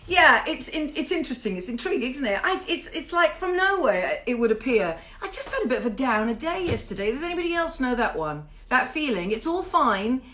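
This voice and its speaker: British woman livestreaming from home, bright voice, chatty, swears a bit, shouts out viewers. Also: high voice, very animated, a little fast, hardly any pauses. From Britain. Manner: chatty, greets viewers by name, swears playfully. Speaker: singer hosting a home livestream. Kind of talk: casual livestream chat.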